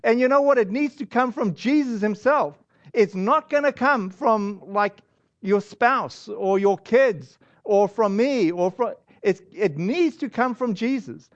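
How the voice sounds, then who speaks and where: A man preaching in a high voice, chatty and loose, with frequent restarts as he acts out what his listeners might say. The recording sounds somewhat dull and lo-fi. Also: unhurried. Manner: conversational, with many restarts and acted-out quotes of congregants. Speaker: pastor. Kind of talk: sermon.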